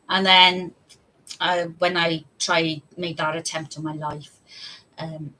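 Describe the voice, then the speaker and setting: A woman's voice: sits low, sharp tone, slight background noise, rough recording. A woman talking candidly on a live stream, chatty and rambling, with frequent laughs. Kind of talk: casual live stream chat.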